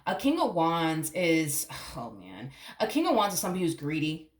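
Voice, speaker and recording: A woman's voice: sits low, wildly swooping pitch, normal speed, roomy sound, slight background noise. A woman giving a casual tarot reading to camera, blunt and swearing freely, calling the viewer honey. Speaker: tarot reader.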